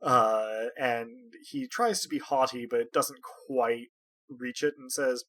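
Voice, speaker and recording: Bright-voiced male game master narrating. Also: mid-range voice, sing-song, takes it slowly. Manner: wry, with hesitant fillers.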